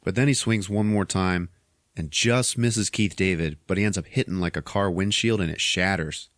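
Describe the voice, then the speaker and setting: Deep-voiced man casually recapping a movie. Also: normal speed, dry recording, studio quality. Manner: profane, chuckling, animated retelling. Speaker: podcast host.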